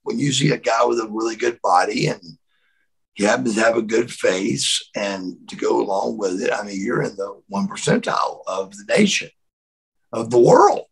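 A middle-aged man with a gravelly, husky voice tells stories in an interview. His pitch swings widely as he acts out quotes and stumbles over repeated words, in a loose, animated way. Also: normal speed, poor audio. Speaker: interview guest, former wrestler. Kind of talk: storytelling in a shoot interview.

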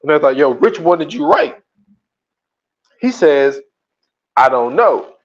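Podcast guy, kinda high voice, rambly and slangy, muffled lo-fi sound. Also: very animated, a little slow. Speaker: podcast co-host. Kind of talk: casual chat recapping a documentary.

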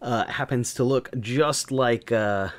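Casual male channel host from the South, crude, joking, mid-pitched voice. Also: slow. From American South. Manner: crude, joking, rambling with fillers. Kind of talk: casual storytelling.

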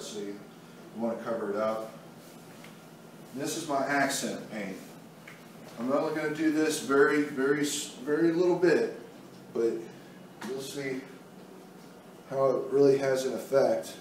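Unhurried and often pausing, a man with a medium-pitched voice explains a painting demonstration step by step, chatting comfortably as he works as an art instructor. The mic is far off in a very echoey room, and a bit of noise can be heard.

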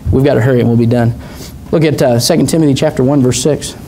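A man preaching a sermon in a church, telling stories with fervor and building to shouts. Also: medium pitch, fairly even intonation, quick pace, a little hiss or hum. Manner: fervent storytelling preacher, rising to shouts. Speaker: pastor. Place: church sanctuary.

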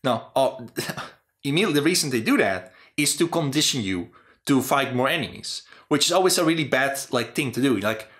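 A young man hosts a casual chat about game design, speaking briskly in an expressive, mid-range voice that's a bit bright. He rambles and rants in exasperation, swearing frequently.

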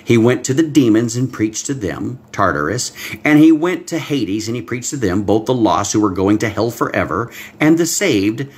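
A man preaching a livestream Bible-code sermon, excitable, swinging between hushed asides and loud exclamations and talking straight to his viewers. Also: mid-range voice, moderate pace, husky. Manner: talks directly to viewers, reads out comments. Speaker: pastor.

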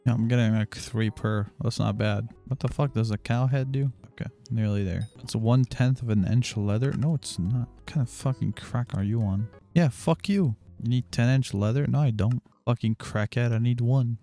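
Young male streamer, mid-pitched, crude and profane banter with chat, jumps into excited yelps over loot, casual gameplay commentary. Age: 20s. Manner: crude, joking and profane, with sudden excited outbursts. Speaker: livestreamer.

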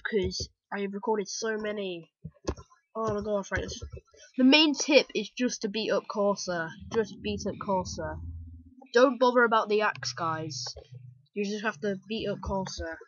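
A British woman chatting excitedly and rambling through gameplay commentary as the host of a let's play. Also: medium pitch, moderate pace, dull audio. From Britain.

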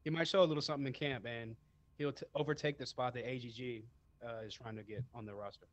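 Male co-host, relaxed and unhurried, slightly lo-fi dry mic. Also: mid-range voice, no echo. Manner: laid-back, hesitant, lots of fillers. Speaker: podcast co-host. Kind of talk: casual sports podcast chat.

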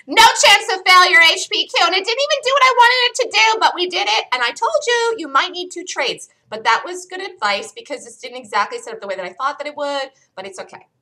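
A woman hosting a live day trading room, excitedly calling trades as they happen, her voice getting worn from talking loud. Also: very high-pitched, fast talker, hardly any pauses. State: losing her voice. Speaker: day trading show host.

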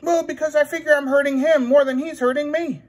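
A man voicing a silly little princess girl in a squealing falsetto, for a children's puppet skit. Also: steady tone, fairly quick. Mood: whiny.

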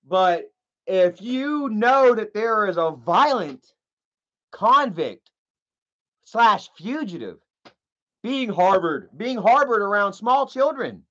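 High-voiced ranting male streamer. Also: sing-song, takes it slowly, pauses often, fairly bright tone. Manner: ranting, profane, rambling with fillers. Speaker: livestream host. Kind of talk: livestream commentary. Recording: muffled lo-fi audio.

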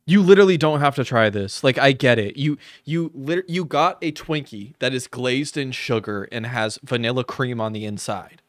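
A man's voice: medium pitch, moderate pace, few pauses, no room sound. A man giving crude, sarcastic live reaction commentary on a video, thanking viewers as he goes.

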